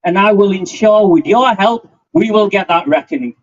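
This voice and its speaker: A high-pitched man in his fifties, speaking at a moderate pace, fires off an impassioned, defiant speech to an outdoor demonstration. The muffled, lo-fi recording reflects the open-air setting.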